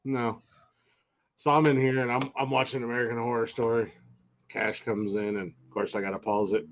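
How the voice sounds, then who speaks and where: Middle-aged dude co-hosting a podcast, rambly storyteller, keeps restarting, normal mid voice. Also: male voice, medium pitch, level tone, fairly quick, a little hiss or hum. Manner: rambling, restarts, tells anecdotes with quoted dialogue. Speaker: podcast co-host. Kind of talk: casual storytelling chat.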